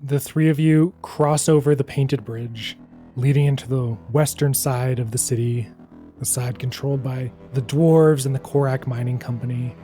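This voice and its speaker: A man narrating as dungeon master of a tabletop game, describing scenes in a measured way. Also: medium pitch, steady tone, warm tone, faint music behind.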